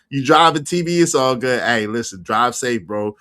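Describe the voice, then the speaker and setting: A man hosting a casual livestream chat, bantering loudly and giving shout-outs to viewers. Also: mid-range voice, lively intonation, moderate pace. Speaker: livestream show host.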